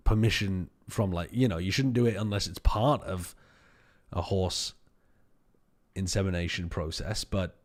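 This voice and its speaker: A man's voice: low voice, a little slow. A man hosting a casual stream, rambling and joking crudely with guests. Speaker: stream host reviewing match recordings. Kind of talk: casual chat.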